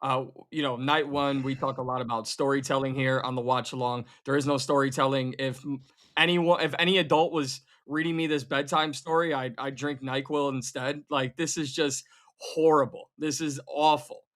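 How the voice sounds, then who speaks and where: A man's voice: mid-range voice, fairly even intonation, moderate pace, a bit bright. A man co-hosting a live wrestling watchalong, giving blunt, exasperated critique from a studio. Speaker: co-host. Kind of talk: live watchalong reaction commentary.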